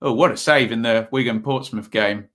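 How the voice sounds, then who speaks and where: A man's voice: medium pitch, normal speed, fairly bright tone. A man from Ipswich hosting a casual football livestream, chatting with viewers and calling scores in a rambling way full of ums. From Ipswich, England. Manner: chatty, rambling, reads chat aloud, many ums. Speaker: livestream host. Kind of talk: casual live football commentary and chat.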